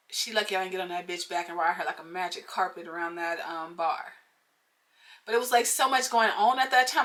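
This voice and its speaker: A fairly high, bright and forceful woman's voice, telling a story straight to camera. She talks in loose slang and swears freely, and her animated rant keeps flaring into angry bursts. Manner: animated, profane, slangy retelling with outbursts. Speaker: vlogger. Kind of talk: casual storytime venting.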